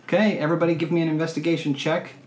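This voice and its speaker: A man narrating a tabletop game as game master in a relaxed, descriptive way. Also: on the high side, very fast, a little hiss or hum. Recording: roomy echo with faint music.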